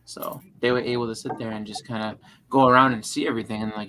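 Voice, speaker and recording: A man's voice: on the low side, steady tone, fast, bright, forceful tone, a little hiss or hum. A man in his thirties chatting casually in a group, rambling and repeating words as he gets his thoughts out.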